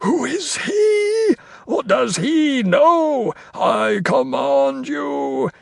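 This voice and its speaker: A man's voice: very high voice, expressive, drawn-out words, darkish tone, dry recording, studio quality, voice pushed up, full character voice. A man voicing a frantic male cult wizard who shrieks commands in a gurgling, glutinous voice.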